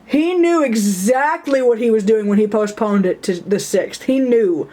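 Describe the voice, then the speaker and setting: A woman's voice: a little high, a little slow, hardly any pauses, warm tone. A woman talking casually in a personal vlog, rambling and self-mocking, often laughing and acting out voices in her stories. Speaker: vlogger.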